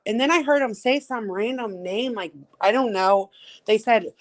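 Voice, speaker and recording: A woman streamer talking in a casual chat, her voice a touch high. She vents bluntly and swears a lot. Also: normal speed, rough recording. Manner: blunt, profane venting.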